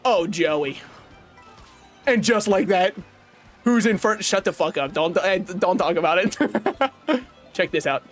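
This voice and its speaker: A man streaming a racing game live, commentating with excitable, profane banter toward the other players and chat. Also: high-pitched, unhurried, pauses often. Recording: faint game music behind.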